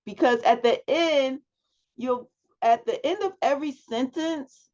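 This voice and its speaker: A woman's voice: high-pitched, a little slow, darkish tone. A woman teaching a public speaking class over a video call, prompting students with questions and giving feedback. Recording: dull lo-fi video call audio.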